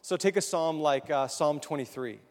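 A preacher with a slightly high voice gives a chatty sermon at a moderate pace, questioning his congregation. The large hall adds a long, echoing reverb.

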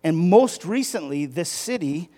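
A man's voice: on the high side, lively intonation, a little slow, mellow. A male pastor giving a sermon in a conversational style, with restarts and emphatic rises.

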